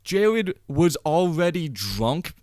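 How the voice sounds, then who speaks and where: A young man tells a story in a casual podcast chat. He is laid-back and swears freely. He speaks slowly with a lively, swinging voice, and the mic sounds dry and close. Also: on the high side, no room sound. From Canada. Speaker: podcast co-host.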